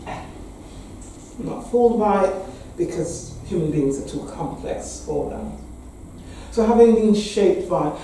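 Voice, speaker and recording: A woman in her sixties with an English accent, a parish priest, addresses a meeting with a candid, wry talk full of laughter. Her voice sits on the low side and sounds mellow. She is recorded from far off in an echoey hall, with slight background noise.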